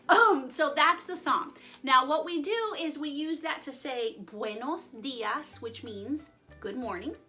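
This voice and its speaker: In a friendly online lesson, a woman teaches Spanish to young children, sounding playful and chatty as she jokes and blends Spanish words into her English. Her voice is high-pitched with a sharp tone.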